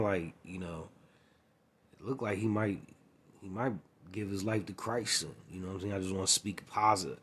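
A man's voice: on the low side, husky. A man in a casual storytelling monologue, acting out old conversations and often adding "you know what I'm saying". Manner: acts out past conversations. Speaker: former music manager.

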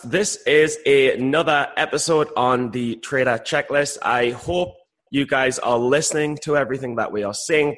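A man co-hosting a podcast in joking, rambling casual chat that often drops low. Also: fairly bright tone. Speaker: podcast co-host.

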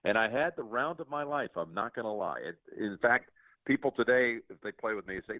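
A man with a very deep voice tells golf-broadcasting stories in an earnest, reflective way. He sounds dry and close, squeezed through a thin, phone-like band. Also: big pitch swings, a little fast, dry recording. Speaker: guest sportscaster. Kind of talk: casual interview storytelling. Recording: tinny phone-like line, dry.

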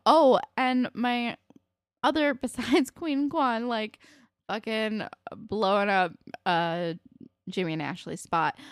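A young woman co-hosting a casual recap podcast, animated and peppered with "like" and swearing. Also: medium pitch, clean tone, dry recording, clean studio sound. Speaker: podcast co-host.

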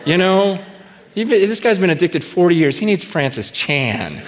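Male pastor, high register, chatty sermon delivery with acted-out dialogue, echoing hall sound. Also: sing-song, normal speed. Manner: conversational storytelling with many fillers and restarts; acts out dialogue, rising to shouts. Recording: reverberant hall.

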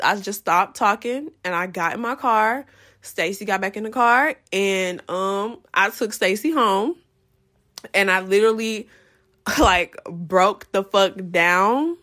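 A young woman hosts a podcast, telling a personal story in a casual, profane and animated style, breaking into loud re-enacted quotes. Her voice is mid-range and she talks a little slowly.

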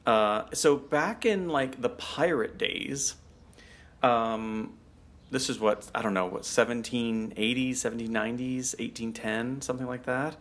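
A man's voice: mid-range voice, a little slow, a bit bright. Chatty man explaining with asides. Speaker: podcast co-host. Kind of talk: casual chat.

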